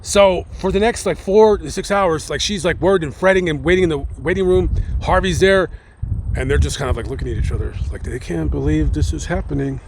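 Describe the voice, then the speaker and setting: A man's voice: a little high, brisk, creaky, slight background noise. A man casually telling a true-crime story, rambling with slang, fillers and joking asides. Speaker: host.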